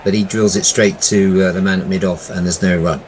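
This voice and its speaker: Low male cricket caller, chatty, halting delivery. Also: fairly even intonation, darkish tone, slight background noise, poor audio. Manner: chatty, hesitant with fillers. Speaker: cricket commentator. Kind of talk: ball-by-ball commentary.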